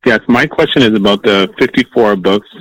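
A male caller with a lowish voice phones in to a radio show with a question. He speaks politely and a little unsure of himself, pausing on "um" between thoughts. The sound is dry. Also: fairly bright tone, dry recording, rough recording. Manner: polite, hesitant with "um" fillers.

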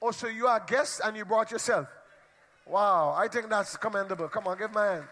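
A man's voice: sits high, moderate pace, bright, forceful tone. A man leading a church meeting, playfully teasing and bantering with the congregation. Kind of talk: lively crowd interaction from the pulpit. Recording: long hall reverb.

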